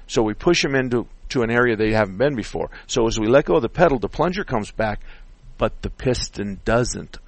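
A man's voice: medium pitch, brisk, no room sound. Middle-aged male radio host, seasoned mechanic, blunt and opinionated, dry studio sound. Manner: blunt, animated when opinionated. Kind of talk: call-in radio advice.

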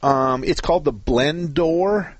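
A man's voice: fairly high pitch, slow pace, dry recording. A man hosting a call-in car-repair radio show, explaining things in a folksy, joking, rambling way.

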